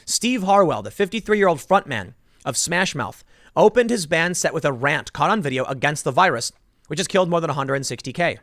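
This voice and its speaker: A man giving opinionated, sarcastic commentary for his vlog in an emphatic, animated way. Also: on the high side, a little fast, no echo. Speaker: political commentator. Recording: dry close-mic sound.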